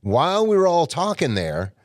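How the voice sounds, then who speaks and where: A man's voice: on the high side, wildly swooping pitch, moderate pace, a little mellow, dry recording. Man, casual podcast storyteller, rambling and a bit profane, dry close mic. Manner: rambling, colloquial, mildly profane. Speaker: podcast guest or host.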